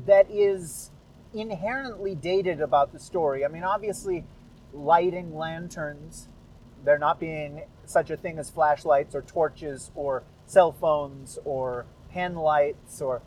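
Chatty, rambling man, higher-pitched voice. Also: slow, a little mellow, a little hiss or hum, low-quality recording. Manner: chatty, rambling, self-deprecating. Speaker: podcast narrator of public domain stories. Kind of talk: casual chat after a reading.

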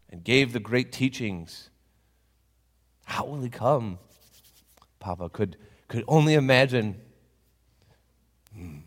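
A man preaching a sermon as a dramatic story, with lively questions and hushed asides, in a church with long reverb. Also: medium pitch, slow, pauses often.

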